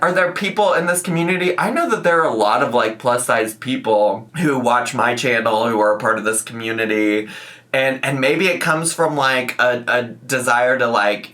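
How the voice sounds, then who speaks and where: Bright-voiced young man rambling casually. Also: mid-range voice. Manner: rambling, laughs often, swears casually. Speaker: reaction commentator. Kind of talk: casual commentary.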